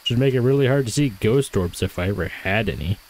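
A man's voice: fairly low pitch, fairly quick, a little mellow, rough recording. A man giving casual, think-aloud commentary while playing a game, often correcting himself and talking to the in-game ghost. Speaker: gaming streamer.

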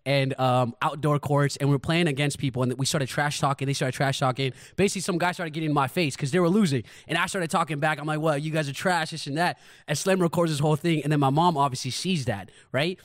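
An animated man hosts a casual podcast and launches into stories. He talks quickly with a slightly high voice and laughs often. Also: no room sound, studio quality. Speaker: podcast host. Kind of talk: casual chat.

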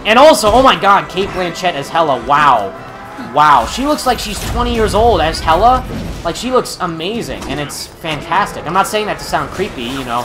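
A man's voice: high-pitched, big pitch swings, moderate pace. A young man hosting a gaming channel, chatting casually and rambling with lots of fillers and restarts, and he has the hiccups. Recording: music playing behind.

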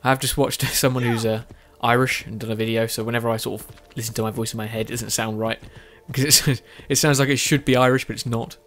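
A gaming video host, tired and with a sore throat, chats casually while he plays, rambling and often correcting himself. His voice is medium-pitched, steady in tone and a little bright. He talks fast, with hardly any pauses.

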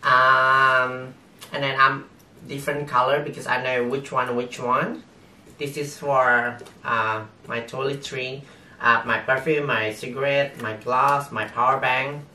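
Slow, bright-voiced man with a non-native accent. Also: medium pitch, flat delivery. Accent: non-native English accent. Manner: halting, hesitant, broken English with many fillers. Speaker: vlogger. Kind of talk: unboxing haul vlog. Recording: roomy echo, distant mic, faint noise.

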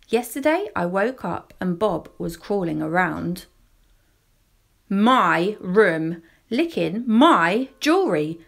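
A woman reading a children's picture book aloud, slow, clear and expressive. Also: mid-range voice. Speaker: storyteller.

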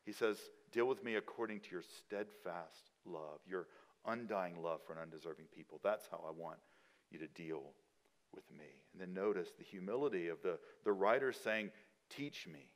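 A man preaching a sermon as a pastor in a church, rising to loud, emphatic peaks and dropping to quiet, low endings. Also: normal speed.

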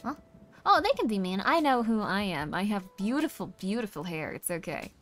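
A woman's voice: medium pitch, big pitch swings, moderate pace, faint music behind. A young woman streaming, chatting casually in a bubbly, rambling way as she reads and answers comments. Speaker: VTuber streamer. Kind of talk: casual live-stream chat.

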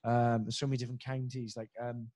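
Welsh guy hosting a podcast, casual chat, animated stories, lots of swearing. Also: mid-range voice, fast, no room sound. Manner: animated storytelling, slips into impressions, swears freely. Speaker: podcast host and impressionist.

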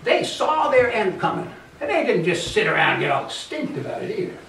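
A man's voice: sits high, big pitch swings, brisk, fairly bright tone, echoey room, distant mic, a little hiss or hum, pitched above the performer's own voice, exaggerated voice. A man doing a cackling crackpot dinosaur believer. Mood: gleeful, insistent. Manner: cackling, insistent, folksy grammar. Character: excitable folksy man obsessed with a crackpot dinosaur theory. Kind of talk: live storytelling character voice.

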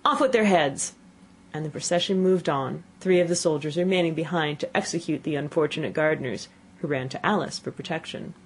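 A woman reading a classic children's story aloud as an audiobook narrator, with expressive storytelling. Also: low-pitched, fairly quick, a little hiss or hum. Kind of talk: scripted narration.

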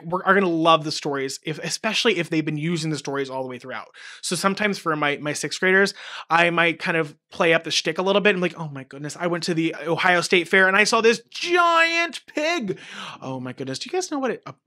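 A man who teaches music, hosting a podcast and acting out classroom stories and chants with playful voices. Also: a little high. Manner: animated, acts out kid voices and chants. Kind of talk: teaching talk with acted-out story examples.

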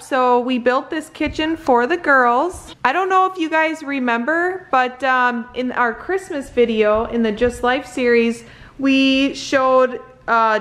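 A woman family vlogger chatting casually at home, explaining things in a relaxed way by a kids' play kitchen. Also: on the high side. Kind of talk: casual home vlog chat.

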